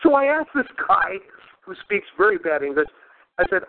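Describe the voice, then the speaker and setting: A man's voice: high voice, sing-song, a little fast. A man hosting a podcast in casual chat, rambling and crude, laughing often. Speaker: podcast host. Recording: phone-like lo-fi sound.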